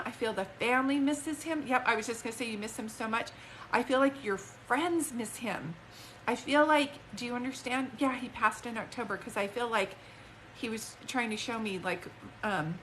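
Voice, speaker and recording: A woman's voice: fairly high pitch, a bit bright, a little hiss or hum. A woman working as a psychic medium on a live stream. She rambles with emotion, breaks off mid-sentence, and speaks both to an unseen spirit and to a viewer, into a phone.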